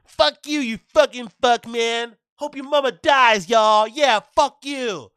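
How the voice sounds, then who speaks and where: A man voicing a loud, foul-mouthed teenage boy in an online game lobby, shouting insults and threats. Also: extremely high pitch, slow pace, clean tone, no room sound, clean studio sound, pitched above the performer's own voice, exaggerated voice. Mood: screaming abuse.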